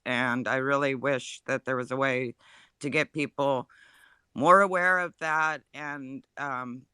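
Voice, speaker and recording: An upset woman gives halting, earnest testimony in a live audio room, close to tears and apologizing as she goes. Her voice is bright and sharp, recorded dry and close. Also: low voice, clean tone, dry recording. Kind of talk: emotional personal testimony.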